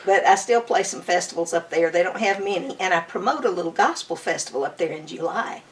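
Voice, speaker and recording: A woman's voice: fairly low pitch, brisk, recorded from a distance, slight background noise. An older woman, a bluegrass musician telling stories in an enthusiastic, chatty way during a home interview. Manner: enthusiastic, chatty, fond storytelling. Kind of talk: casual storytelling interview. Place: her home.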